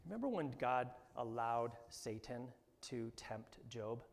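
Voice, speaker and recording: A man preaching a sermon as pastor, animated and often rising to emphatic bursts. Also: mid-range voice, takes it slowly, creaky, slight background noise. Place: church hall. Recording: long hall reverb.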